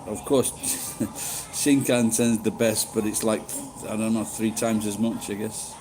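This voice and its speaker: A man's voice: fairly low pitch, level tone, a little slow, few pauses, a little mellow, slight background noise, low-quality recording. A middle-aged man chatting casually with live-stream viewers, rambling and swearing freely. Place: living in Japan.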